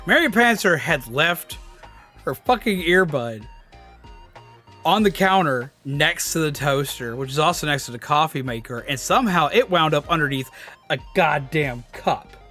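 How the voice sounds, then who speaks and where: Man streamer, fairly high voice, excitable, swearing, faint music behind. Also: moderate pace. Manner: excitable, swears a lot, many fillers. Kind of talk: casual storytelling on a live stream.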